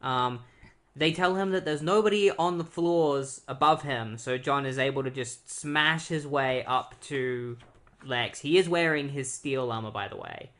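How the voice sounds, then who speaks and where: A man at an ordinary mid pitch talks through a comic book plot in a loose, chatty way. His retelling is full of "like" and "um," and he briefly mimics the characters as he quotes them. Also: fairly bright tone. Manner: loose, filler-heavy retelling with lots of "like"; slips into quick quoted voices of characters. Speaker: podcast co-host. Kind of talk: casual comic book recap.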